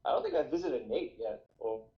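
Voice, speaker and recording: A young man from New Jersey in relaxed talk, peppering his stories with "dude" and casual swearing. His voice comes through dull and lo-fi, and his pitch sits mid-range for a man. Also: a little fast. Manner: laid-back, says "dude" a lot, tells stories animatedly. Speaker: trader. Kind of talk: casual chat.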